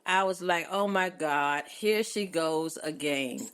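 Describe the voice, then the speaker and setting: Low-voiced woman in her eighties. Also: slow, clear, resonant tone. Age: 80s. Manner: warm, laughing, churchy turns of phrase. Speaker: podcast guest. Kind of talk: casual chat.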